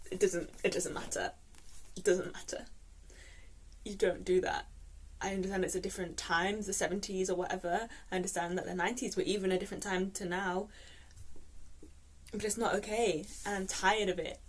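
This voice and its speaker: A young woman from the UK, ranting on a book vlog in an exasperated way, swearing and breaking off into restarts. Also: mid-range voice. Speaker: book vlogger.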